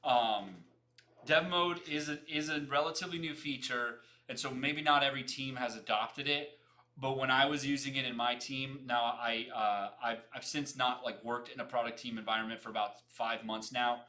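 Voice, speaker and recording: A young man hosts a casual livestream, his voice bright and forward. He talks fast, repeats phrases and chats straight to his viewers. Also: mid-range voice, steady tone. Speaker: livestream host.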